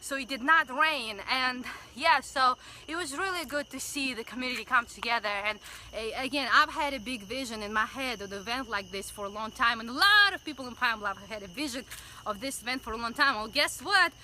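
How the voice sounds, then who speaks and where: A woman hosting a Facebook Live stream, chatting excitedly with viewers and leading a prayer of thanks. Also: a little high, fairly quick, a little hiss or hum, rough recording. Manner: excited, gushing, greets viewers by name. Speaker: community livestream host. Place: outdoors by a building, livestreaming. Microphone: phone livestream.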